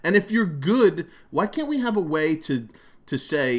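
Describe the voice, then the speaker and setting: A man's voice: on the high side, big pitch swings, a little slow. A young man giving gameplay commentary, ranting and swearing a lot, often restarting his sentences. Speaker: gaming commentator. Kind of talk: profane gameplay commentary rant.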